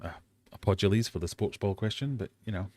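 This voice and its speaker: A fairly low-pitched English man hosting a casual live quiz. He chats easily, mocks himself and wanders off on tangents before reading the next question. The sound is close and dry. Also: brisk, darkish tone, no room sound. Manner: chatty, self-mocking, easily sidetracked, bursts into silly sung bits. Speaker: host of a live quiz hangout.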